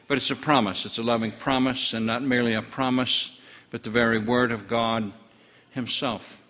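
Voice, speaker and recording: A man's voice: medium pitch, fairly bright tone. Older male pastor in a reverberant church. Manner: reflective, reminiscing. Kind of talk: sermon.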